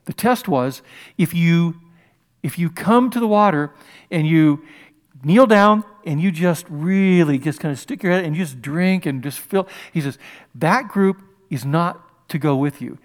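A male pastor delivers a lively, conversational sermon, throwing questions out to his listeners as he retells a Bible story. His voice sits high for a man. He talks in an animated way. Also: a little slow.

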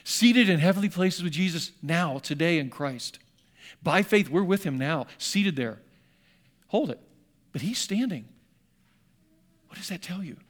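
A man preaching a sermon in a church sanctuary, dramatically acting out scripture voices and swinging between loud and hushed. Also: sits high, animated, a little slow, long pauses. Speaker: pastor.

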